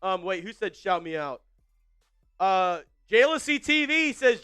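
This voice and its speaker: A man's voice: high-pitched, big pitch swings, measured pace, pushed and bright, clear, resonant tone, soft background music. A man hosting a live football watch party in upbeat, casual chat, reading out viewer comments with frequent fillers and repeated phrases.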